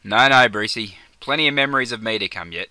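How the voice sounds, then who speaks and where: In a comedy sketch, young Aussie bloke Jono, an easygoing mate, is played by a young adult man with an Australian accent who banters in broad slang. He speaks quickly at medium pitch, bright and forceful, with no room sound.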